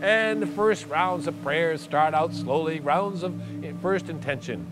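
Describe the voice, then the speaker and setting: Middle-aged man, wry, animated monologist, high voice, hum underneath. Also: measured pace, hardly any pauses. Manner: animated, wry, increasingly breathless. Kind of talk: theatrical storytelling monologue.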